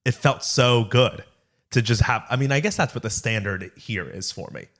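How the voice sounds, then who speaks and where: A young male podcast co-host with a mid-range, fairly bright voice speaks at a moderate pace. The chat is casual, and he tells stories in a rambling way full of fillers.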